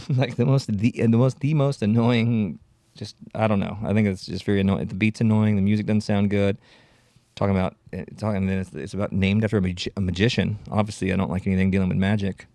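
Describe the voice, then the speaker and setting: A man's voice: on the low side, fairly even intonation, fast, vocal fry, dark tone, dry recording. A man hosting a solo comedy podcast, ranting in a rambling, profane way and often cutting himself off. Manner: rambling, profane, self-interrupting. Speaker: podcast host.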